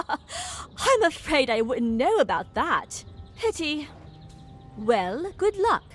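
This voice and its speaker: A woman's voice: high voice, sing-song, drawn-out words, fairly bright tone, heavily acted. An actress playing a fussy, etiquette-obsessed noblewoman in a video game, speaking in an affected, genteel manner. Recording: game audio with music behind.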